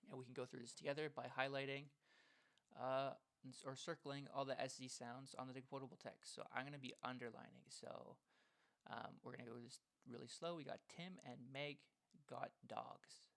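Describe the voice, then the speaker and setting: A man's voice: mid-range voice, steady tone, moderate pace, creaky, fairly bright tone. A man presenting a phonics lesson plan in a casual, explanatory way, with frequent ums, over a screen recording.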